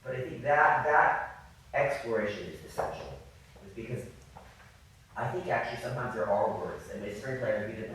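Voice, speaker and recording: A man's voice: on the low side, moderate pace. Man coaching in an echoey hall. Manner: apologetic, animated, demonstrating by singing. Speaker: viola masterclass teacher. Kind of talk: coaching a live masterclass. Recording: echoey hall, distant mic, faint noise.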